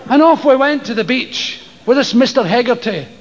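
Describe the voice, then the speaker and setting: Profane Scottish comedian, high animated voice. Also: male voice, normal speed. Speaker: stand-up comedian. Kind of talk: stand-up comedy storytelling. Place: live comedy venue with an audience. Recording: lo-fi live show with crowd and noise.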